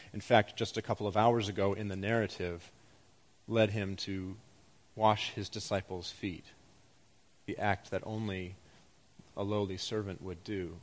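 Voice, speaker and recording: A man preaching a sermon as a pastor, with an animated, self-deprecating delivery that moves between loud excitement and quiet emphasis. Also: fairly low pitch.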